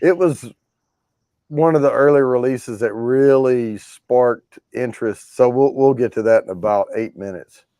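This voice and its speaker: A man's voice: mid-range voice, a little slow, mellow, smooth, no echo, studio quality. Rambling man hosting a giveaway show. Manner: rambling, restarts often, storytelling. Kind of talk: casual chat about classic rock.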